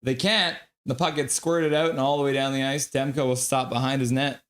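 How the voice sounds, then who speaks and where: A man streaming live hockey play-by-play, excitable and profane, reading viewer chat aloud between calls. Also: medium pitch, a little fast. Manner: excitable, swears, reads chat comments aloud.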